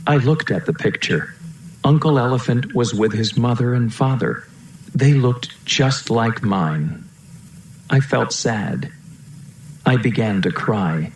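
A man narrating a children's storybook aloud in a steady, storytelling way, in a roomy-sounding recording. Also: mid-range voice, slow pace, slight background noise. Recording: roomy echo.

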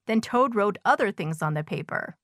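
A woman reading a children's story aloud in a gentle, measured way. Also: medium pitch, expressive, no room sound, studio quality.

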